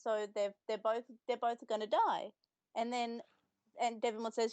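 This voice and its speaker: A woman's voice: fairly high pitch, fairly even intonation, normal speed, darkish tone, no echo. A young woman co-hosting a podcast in casual chat, retelling scenes and quoting lines. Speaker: podcast co-host.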